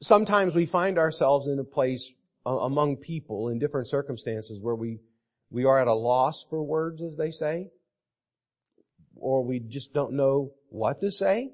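Slow, deliberate preacher, man. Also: medium pitch, expressive. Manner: slow and deliberate, repeating scripture phrases for emphasis. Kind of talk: sermon.

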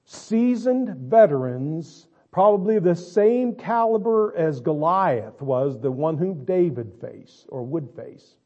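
A male pastor preaching a sermon, swinging between quiet asides and drawn-out, emphatic lines. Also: fairly high pitch, lo-fi sound. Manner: dramatic, swings between quiet and loud, stretches words.

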